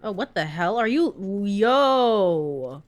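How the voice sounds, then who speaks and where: A chatty woman streaming a game, giving loose commentary and laughing often. She trails off and restarts as she goes, at an ordinary pitch for a woman. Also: big pitch swings, slow. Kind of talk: casual let's-play commentary.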